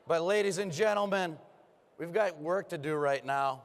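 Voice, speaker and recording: Man, party chairman at the podium, hoarse voice, rousing rally delivery, big reverberant conference hall. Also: fairly high pitch, moderate pace, a little hiss or hum. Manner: rousing, punchy applause lines. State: hoarse, losing his voice. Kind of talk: political rally speech.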